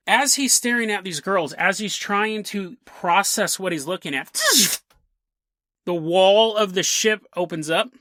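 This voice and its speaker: A man hosting a podcast tells a strange story casually, laughing often, tossing in jokey asides, and voicing quick characters. His voice is high-pitched with a sharp tone, recorded at studio quality with no room sound.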